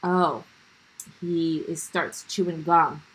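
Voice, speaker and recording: A woman's voice: low voice, fairly even intonation, slow pace, poor audio. A young woman, telling a wild dating story on a podcast, acting out quotes and swearing freely. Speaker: guest storyteller.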